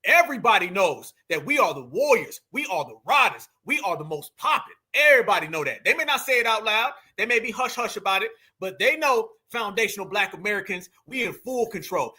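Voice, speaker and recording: High bright-voiced animated male commentator. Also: husky. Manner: animated, preachy, laughs often, slangy. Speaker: livestream commentator. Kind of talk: reaction commentary.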